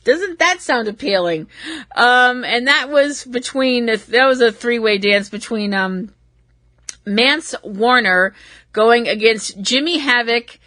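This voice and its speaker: A woman's voice: fairly high pitch, lively intonation, slow pace, bright, forceful tone, no echo. A woman from Massachusetts hosting a casual wrestling recap podcast, rambling off on tangents and apologizing as she laughs at herself. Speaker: podcast host.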